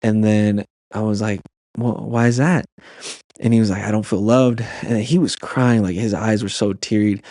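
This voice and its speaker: A man's voice: lowish voice, steady tone, moderate pace, dark tone, no echo, clean studio sound. A man on a podcast as a guest and youth camp leader, telling a personal story in an earnest way, with many restarts and fillers.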